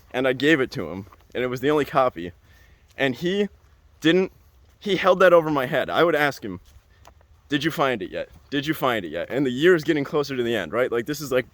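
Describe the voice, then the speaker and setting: A young adult man hosting a podcast, telling a story in a casual, animated way and repeating phrases for emphasis. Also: mid-range voice, no echo. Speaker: podcast host.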